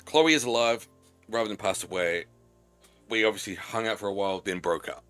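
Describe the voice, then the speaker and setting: A man's voice: on the low side, fairly quick, fairly bright tone, clear, resonant tone, faint music behind. A young man streaming a game live, chatting loosely and swearing as he rambles through stories between reading lines. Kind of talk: live game commentary and reading dialogue aloud.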